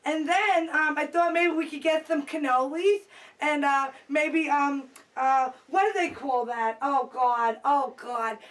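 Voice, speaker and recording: A giddy, excitable young woman who gushes and rambles breathlessly, as a woman plays her in a comedy sketch. Her voice sits very high and squeaky. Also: unhurried. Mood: rambling.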